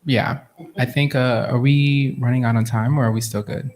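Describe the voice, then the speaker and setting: A man's voice: medium pitch, steady tone, moderate pace, a little mellow. Chatty man in his thirties telling stories. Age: 30s. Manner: chatty, laughs often, mimics family voices. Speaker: guest artist. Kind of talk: casual storytelling on a panel.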